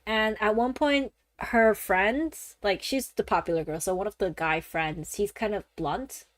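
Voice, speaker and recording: A woman's voice: mid-range voice, a little slow, dry recording. Chatty woman streamer with dry sound. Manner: rambling, animated, laughs often, swears casually. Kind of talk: casual gaming-stream chat.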